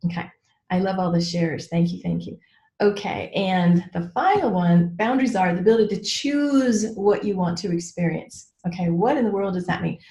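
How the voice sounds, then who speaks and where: A woman's voice: lowish voice, moderate pace, mellow. Candid, chatty woman mentor in an echoey room. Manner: chatty and candid, many "like"s and "right?" check-ins; frank, with mild swearing. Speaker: business mentor leading a training call. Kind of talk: teaching a group call, casual and personal. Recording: roomy echo.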